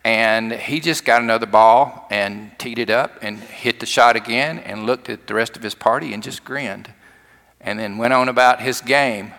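A man preaching a sermon in a church, telling stories in a folksy way that swings from loud to hushed. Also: mid-range voice, normal speed, long reverb tail. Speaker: pastor.

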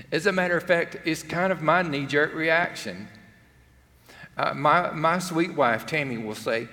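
Earnest pastor in a reverberant hall. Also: male voice, a little high, slow, bright, forceful tone. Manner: earnest, conversational, acts out quotes. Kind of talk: sermon.

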